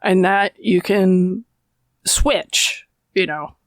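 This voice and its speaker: A woman's voice: mid-range voice, drawn-out words, dry recording. A woman film critic talking casually as a podcast guest, thinking aloud and circling back with restarts.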